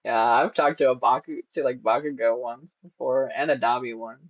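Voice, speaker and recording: A man's voice: mid-range voice, fairly even intonation, moderate pace, no room sound. A man chatting on a live stream, playful and teasing, prone to giggles. His voice sits in a middle range, and the recording has a slightly dull, lo-fi quality. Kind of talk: casual live-stream chat.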